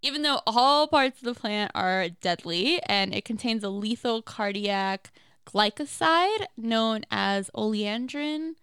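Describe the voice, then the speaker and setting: A woman co-hosting a podcast in casual chat, reading out facts with quick, animated exclamations. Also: on the high side, clear, resonant tone, no echo. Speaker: podcast co-host.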